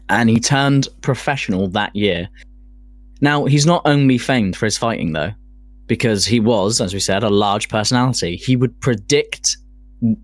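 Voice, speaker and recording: Man, podcast co-host, mid-pitched voice, dry close mic, casual and sweary, reads from notes. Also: no room sound. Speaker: podcast co-host presenting a segment.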